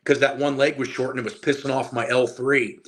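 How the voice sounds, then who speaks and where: A man in his forties from Indiana speaks as a podcast guest at a middle pitch. He tells his story in a loose, animated way and swears freely. His tone is casual and conversational throughout. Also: a little fast, a little hiss or hum. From Indiana, USA. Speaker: guest, powerlifter and strength coach.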